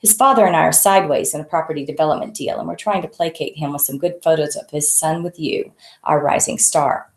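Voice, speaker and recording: A woman reads as a genteel, chatty man who runs a record company, fussy and pleased with himself. The voice sits low, with a gravelly edge, in an echoey room. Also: brisk. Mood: genial. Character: wealthy male record label boss, fussy.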